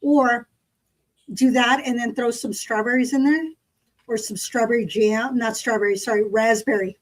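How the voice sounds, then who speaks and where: A woman, co-hosting a podcast in casual chat and telling a story with lively quoted dialogue. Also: on the high side, normal speed, low-quality recording. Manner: chatty storyteller, acts out quoted people. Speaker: podcast co-host.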